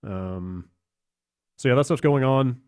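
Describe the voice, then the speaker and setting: A man's voice: medium pitch, slow pace, darkish tone, clear, resonant tone, no room sound, studio quality. A man co-hosting a podcast in casual chat, rambling and hesitant, with plenty of fillers. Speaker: podcast co-host.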